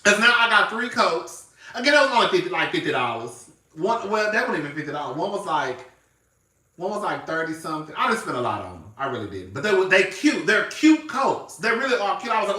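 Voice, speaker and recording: Bright-voiced man, chatty, in echoey room. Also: high-pitched, sing-song, quick pace, recorded from a distance. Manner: chatty, calls everyone girl, swears freely; swings between loud and quiet. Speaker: reality TV reviewer. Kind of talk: casual chat to camera.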